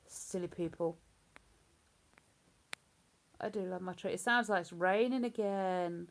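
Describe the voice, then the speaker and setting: A woman's voice: medium pitch, animated, moderate pace, long pauses. A woman hosting a livestream in casual, rambling chat. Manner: rambling, chatty, breaks into hummed tunes. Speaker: livestream host.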